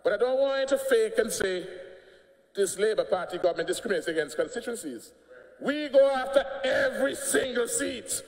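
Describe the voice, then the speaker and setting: A man's voice: high-pitched, lively intonation, normal speed. An older man with an Antiguan accent giving a combative, mocking speech in parliament. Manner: combative, mocking, laughing jabs. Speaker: politician speaking in parliament. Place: parliament chamber. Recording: echoey chamber, long reverb.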